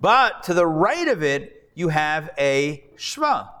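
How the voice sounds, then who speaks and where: Very animated yet slow, a rabbi with a slightly high, a bit bright voice drills his students on Hebrew pronunciation with patience. He teaches this live reading class to an audience in a classroom hall, where the recording echoes.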